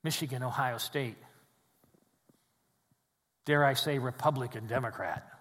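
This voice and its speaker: A man's voice: medium pitch, unhurried. Preaching man in a reverberant church. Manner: dynamic preaching, swings between loud emphasis and quiet drops. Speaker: pastor. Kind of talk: sermon. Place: church sanctuary with congregation.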